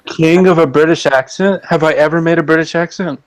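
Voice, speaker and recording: Teasing man, a bit high-voiced. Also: steady tone, poor audio. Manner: jokey, teasing, halting restarts. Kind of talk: casual chat.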